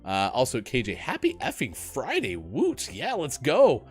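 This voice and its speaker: A man's voice: medium pitch, a little slow, soft background music. A man hosting a casual morning gaming show, joking and reading out chat messages. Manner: joking, lively, reads chat aloud. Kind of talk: casual live-stream banter.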